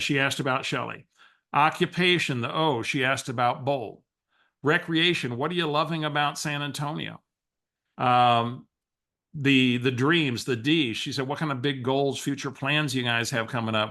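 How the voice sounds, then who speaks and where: Bright-voiced man coaching. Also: medium pitch, moderate pace. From Texas. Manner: animated storyteller who acts out quoted dialogue, with frequent restarts. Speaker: real estate coach. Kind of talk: coaching call storytelling.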